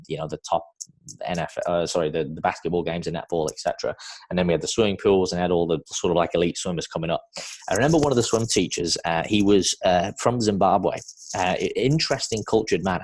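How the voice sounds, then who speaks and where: A man's voice: low-pitched, slightly rough. A man from New Zealand hosting a podcast in a casual, rambling way with lots of fillers. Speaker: podcast host.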